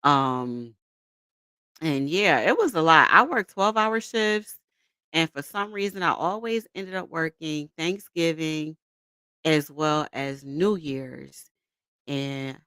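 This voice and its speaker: A woman's voice: low voice, slow pace, bright, forceful tone, clear, resonant tone, no room sound. A woman in her thirties hosting a casual livestream, greeting viewers by name and laughing often as she chats. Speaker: livestream host.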